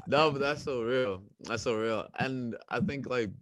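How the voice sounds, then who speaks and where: A man co-hosting a podcast in casual chat, joking and teasing, quick to laugh. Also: medium pitch, a bit bright, no room sound. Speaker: podcast co-host.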